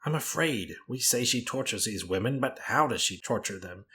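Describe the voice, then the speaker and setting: A man voicing a hesitant, mild-mannered clergyman who speaks reluctantly and slowly. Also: mid-range voice, animated, a bit bright, lightly acted. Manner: reluctant and slow.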